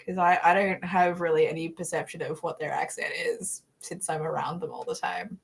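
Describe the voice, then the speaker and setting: A middle-aged woman from Australia with an Australian accent, hosting a casual conversation in an animated way and laughing often. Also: lowish voice, moderate pace, creaky, slightly rough. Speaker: podcast host.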